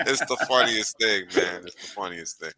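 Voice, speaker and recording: A man hosting a casual chat about trading, who laughs often and talks in a loose, excitable way. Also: on the low side. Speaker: host.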